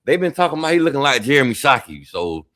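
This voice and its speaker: A male guest with a mid-range voice talking college football. He stays relaxed while reeling off player after player with mounting enthusiasm. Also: mid-range voice, fast. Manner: relaxed, rattles off lists of players with growing excitement. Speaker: sports talk guest. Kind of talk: casual sports talk.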